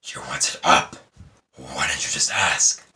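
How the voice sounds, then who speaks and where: A man putting on the voice of a menacing male alien symbiote in a low, hissing whisper. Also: takes it slowly, bright, forceful tone, roomy sound, distant mic, full character voice. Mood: taunting.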